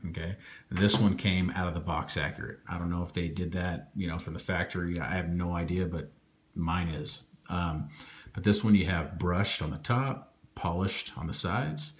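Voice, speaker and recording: A man casually reviewing dive watches on camera, rambling along and tagging his points with "okay?". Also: low-pitched. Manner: relaxed, rambling, keeps adding "okay?" and "um".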